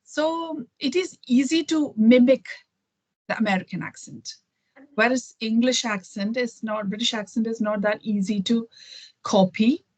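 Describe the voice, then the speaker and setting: A woman's voice: fairly high pitch, a little slow, darkish tone, breathy edge, no echo. A middle-aged woman from Kerala with an Indian accent, a guest in a casual conversation over a video call, thoughtful and full of fillers and restarts.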